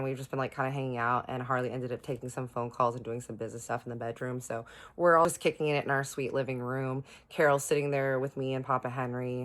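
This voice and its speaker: A woman's voice: rumbling low, a bit bright. A woman casually telling a storytime vlog, chatty and full of "I'm like" as she retells conversations.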